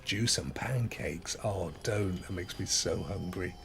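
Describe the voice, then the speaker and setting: A man's voice: sits low, a little slow, gravelly, over music. A man streaming a video game, chatting in a rambling way with frequent laughs. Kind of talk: casual gameplay commentary.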